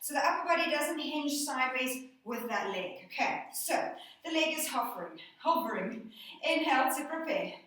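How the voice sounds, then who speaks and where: A woman's voice: high voice, big pitch swings, moderate pace, a bit bright. Woman, fitness instructor, breathless, encouraging, echoey room, distant mic. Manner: encouraging, counts and cues breathing. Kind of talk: guided workout instruction.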